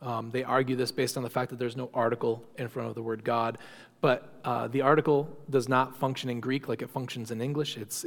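A man with a mid-range voice teaches a church class. He speaks loosely and conversationally, restarting sentences and filling pauses. The sound rings with the long reverb of a hall. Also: mid-range voice. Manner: conversational, frequent fillers and restarts. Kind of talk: informal lecture to a class.

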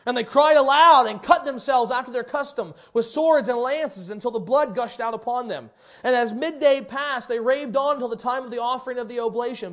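High-voiced preacher with dramatic swings. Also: male voice, fairly quick. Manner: dramatic, voices characters, swings from loud to hushed. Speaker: pastor. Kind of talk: sermon.

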